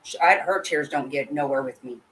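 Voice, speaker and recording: A woman with a low voice gives live commentary to her chat. She talks bluntly and emotionally, swears freely and keeps breaking off and restarting her sentences. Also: a little fast, fairly bright tone, low-quality recording. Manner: blunt and heated, with frequent swearing. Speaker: channel host.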